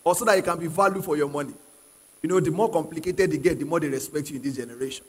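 Male pastor with a husky, high voice, preaching emphatically to a congregation; sound carries a long hall reverb. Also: rapid-fire. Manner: asks the congregation questions and prods them to answer; emphatic, repeats key phrases. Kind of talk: sermon. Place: church hall with live congregation.

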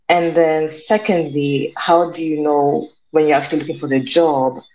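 A woman from Africa, a student, who speaks in a measured, polite way in a casual live audio chat and asks questions. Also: sits low, darkish tone, poor audio.

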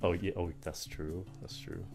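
A woman's voice: rumbling low, fairly even intonation, normal speed, creaky, soft background music. A Vietnamese woman hosting a casual pronunciation lesson, asking curious questions and reacting with surprise. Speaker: host, English teacher.

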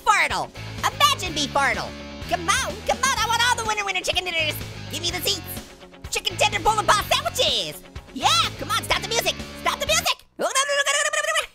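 A hyper little cartoon orange, squeaky and nasal with a sky-high pitch that leaps all over the place. He giggles constantly and squeals at every near miss while game music plays clearly behind him. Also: fairly quick, full character voice. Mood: giddy. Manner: excitable, jokey, squealing at close calls. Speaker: gaming channel host. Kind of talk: cartoon let's-play commentary.

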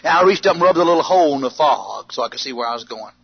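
A man preaching a storytelling sermon, animated, bursting into shouts and yells as he tells it. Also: a little high, very fast, husky. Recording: dull lo-fi archive sermon tape with faint hiss.

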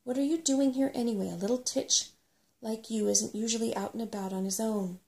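A woman voicing a sharp-tongued female brownie in a whispered role-play, with a raised, impatient delivery. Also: medium pitch, moderate pace, vocal fry, lightly acted. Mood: cross. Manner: snappish and impatient.

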